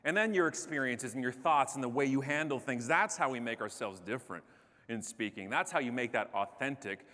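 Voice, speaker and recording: A man giving a comedic keynote speech on a large conference stage, animated and self-deprecating. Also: mid-range voice, a little fast. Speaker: keynote speaker. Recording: echoey hall.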